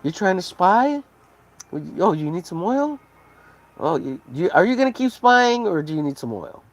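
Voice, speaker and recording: A man's voice: sits high, big pitch swings, normal speed, pitched above the performer's own voice. A man putting on the voice of a smug oil seller who teases buyers with sing-song questions. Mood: taunting.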